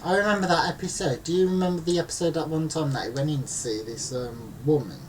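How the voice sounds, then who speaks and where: Animated man telling stories. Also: on the high side, quick pace. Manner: animated storyteller, mimics people in exaggerated voices. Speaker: podcast co-host. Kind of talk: casual chat. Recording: distant mic with faint background noise.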